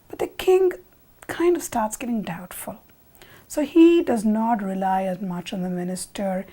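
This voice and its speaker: A woman narrating a traditional fable expressively, moving from loud emphasis to whispers. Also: medium pitch, unhurried. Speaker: storyteller. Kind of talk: animated storytelling narration.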